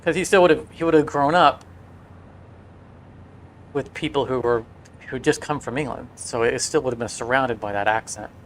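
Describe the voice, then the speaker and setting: A man chats casually on a game livestream, drifting through stories with frequent restarts and fillers. His voice sits at a middle pitch. A faint hum of ambient noise runs behind him. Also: normal speed, long pauses. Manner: rambling, storytelling with restarts. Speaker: game streamer.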